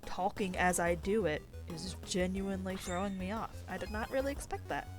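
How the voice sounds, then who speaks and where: This let's player, a woman with a medium-pitched voice at normal speed, talks over music as she plays. She reads the game's text aloud and rambles along, playful and self-deprecating.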